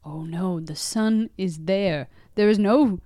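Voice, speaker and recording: Casting note: woman, casual podcast guest, jokey with sing-song asides, medium pitch. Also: slow pace, warm tone, no room sound, clean studio sound. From United States. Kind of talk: casual chat. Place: recording studio.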